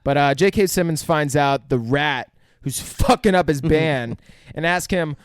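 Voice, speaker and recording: A man with a slightly high voice talks through a film scene in loose, profane podcast chat. He laughs often and jumps into quoted lines. The sound is close and dry. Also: measured pace, clear, resonant tone, no echo. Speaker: podcast co-host. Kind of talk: casual movie review chat.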